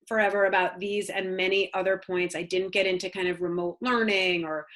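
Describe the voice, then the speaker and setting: A woman's voice: fairly low pitch, a bit bright. A woman child psychologist giving practical parenting advice in a conversational talk, with earnest storytelling full of "um"s and "you know"s. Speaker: child psychologist guest speaker.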